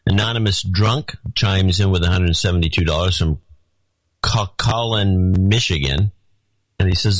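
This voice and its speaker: A man's voice: low voice, animated, moderate pace, dry recording, poor audio. A man co-hosting a podcast in casual chat, dry and matter-of-fact, reading out listener notes. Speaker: podcast co-host.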